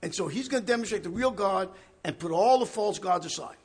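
A man preaching a conversational Bible study, animated and chuckling, often checking in with the listeners. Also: sits high, a little fast. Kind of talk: conversational sermon.

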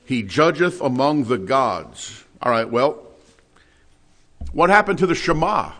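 A man's voice: a little high, sing-song, measured pace, a bit bright. Man teaching a Bible sermon. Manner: expository, rhetorical questions, rising emphasis. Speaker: preacher.

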